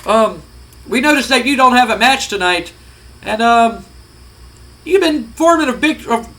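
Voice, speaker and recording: A man's voice: extremely high pitch, animated, unhurried, bright, forceful tone, voice pushed up, full character voice, rough recording. A man imitating a male backstage interviewer who asks questions with many hesitations. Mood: inquisitive.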